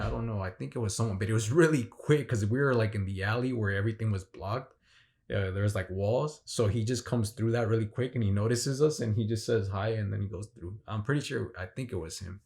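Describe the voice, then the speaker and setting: A man with a very low, gravelly voice tells the story of a fan signing in a loose, excited vlog. He rambles, restarts often and leans on fillers as he goes. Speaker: vlogger. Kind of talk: casual vlog recap.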